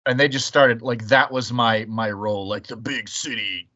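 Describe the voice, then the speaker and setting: A man's voice: mid-range voice, steady tone, normal speed, bright, forceful tone, highs cut off. A man from the Chicago area, hosting a casual chat podcast and telling profane, rambling stories. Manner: profane, storytelling. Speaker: podcast host.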